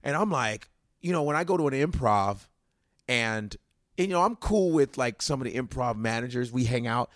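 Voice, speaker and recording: Animated, lively-voiced male comedian. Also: mid-range voice, normal speed, no room sound, clean studio sound. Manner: animated storytelling, acts out voices, laughs often. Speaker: comedian guest. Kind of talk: casual podcast chat.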